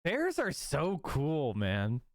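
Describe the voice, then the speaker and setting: A man's voice: a little high, huge pitch swings, slow, no echo. A man hosting a reaction stream, joking and commenting loosely on the clips he plays.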